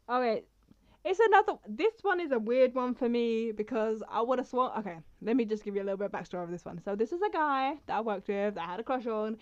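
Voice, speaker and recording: A woman's voice: on the high side, lively intonation, moderate pace, no room sound, highs cut off. A woman vlogging casually in a chatty, rambling way, with apologetic asides, and reading her own poems aloud. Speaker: poetry vlogger.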